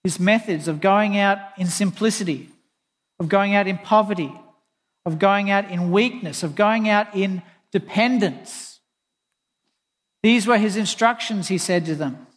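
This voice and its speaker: A man with a high-pitched voice delivers an earnest sermon, mixing scripture quotes with a plain personal story. His voice carries a long reverb, as if he is in a large hall. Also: a little slow. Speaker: pastor.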